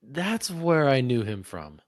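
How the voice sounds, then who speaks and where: A man's voice: mid-range voice, very animated, slow pace, no echo, studio quality. A man co-hosting a podcast, chatting casually, laughing often and telling stories with animation. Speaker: podcast co-host. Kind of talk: casual chat.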